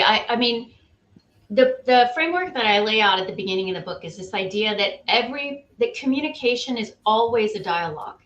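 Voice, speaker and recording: A woman's voice: medium pitch, a bit bright, echoey room, highs cut off. A woman guest, a CEO and author, talking through her ideas in an interview, articulate and emphatic, building her points in lists. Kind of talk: conversational interview.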